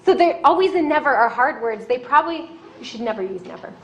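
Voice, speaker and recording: A middle-aged woman teaching a board governance class in a chatty, conversational way with lively asides. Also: sits high, quick pace. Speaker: governance trainer. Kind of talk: classroom lecture. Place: meeting room.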